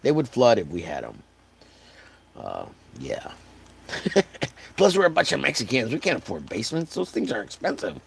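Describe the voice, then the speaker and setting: A man from Texas with a hoarse, wearing-out voice, chatting casually and jokingly to his live stream audience while riffing on catchphrases. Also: medium pitch, huge pitch swings, normal speed, pauses often, slight background noise. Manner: joking, rambling, riffs on catchphrases.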